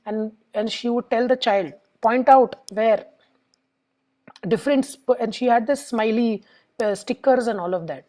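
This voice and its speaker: A middle-aged woman with an Indian English accent lectures parents as a psychologist. Her voice sits a little high but sounds mellow and soft-edged. She walks through each step and acts out what clients and children say. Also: low-quality recording. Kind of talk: lecture with examples.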